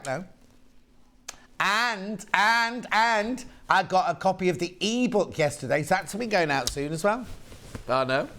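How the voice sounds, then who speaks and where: Lively chatty British man presenting. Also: a little high, moderate pace. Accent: British English. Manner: chatty, camp and lively, reads out viewer messages. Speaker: shopping channel presenter. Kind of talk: live TV sales chat. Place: TV studio.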